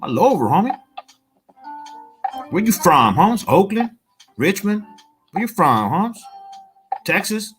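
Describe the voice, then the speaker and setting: Middle-aged man, streetwise motivational speaker, raised voice, profane and passionate, soft music bed. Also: high voice, very animated, takes it slowly, pauses often. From Salinas, California. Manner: streetwise, profane, repeats "homie" and "Holmes". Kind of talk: impassioned motivational monologue.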